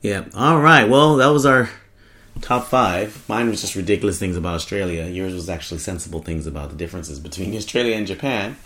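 A man's voice: sits low, brisk, bright, forceful tone. A man hosting a podcast in casual chat, joking and rambling, often trailing off while he hunts for words. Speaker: podcast host.

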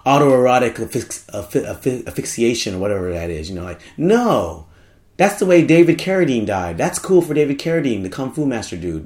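A man's voice: mid-range voice, a little mellow. A man hosting a podcast in casual chat, joking and rambling, often trailing off while he hunts for words. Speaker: podcast host.

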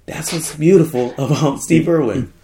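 A man's voice: fairly high pitch, normal speed, mellow, a little hiss or hum. A man hosting a podcast in casual chat, joking and rambling, often trailing off while he hunts for words. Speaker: podcast host.

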